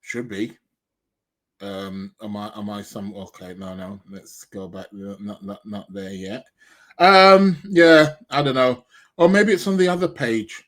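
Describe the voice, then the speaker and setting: A man with a fairly low, expressive voice hosts a live astrology podcast, chatting unhurriedly and casually while he eats. His live-stream talk is full of fillers and restarts.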